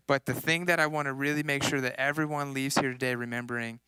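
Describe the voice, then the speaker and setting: A man in his thirties preaching a casual sermon, telling personal stories in an animated way and acting out what people said. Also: medium pitch, fast, smooth, no echo. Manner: casual, animated storytelling with acted-out quotes. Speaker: pastor.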